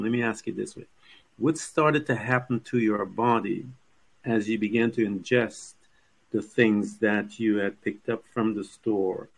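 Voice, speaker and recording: Fry-voiced male interviewer. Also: lowish voice, low-quality recording. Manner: warm, encouraging backchannels and long rambling questions. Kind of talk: interview questions.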